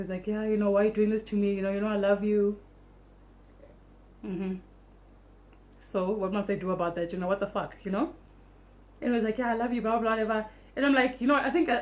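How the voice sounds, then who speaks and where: Young woman vlogger, rapid animated storytelling, salty language, casual. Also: mid-range voice. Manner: fast, animated storytelling, swears freely.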